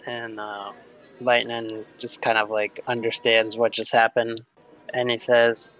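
A man's voice: completely flat delivery, a little slow, a bit bright, poor audio. A man narrating as game master of a tabletop game, in a casual, loose manner. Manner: casual, voices characters with raised pitch.

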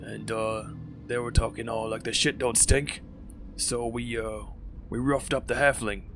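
A man's voice: mid-range voice, little pitch movement, a little slow, fairly bright tone, soft background music. A man voicing a crude, mocking male orc thug in a tabletop game. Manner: taunting, jeering.

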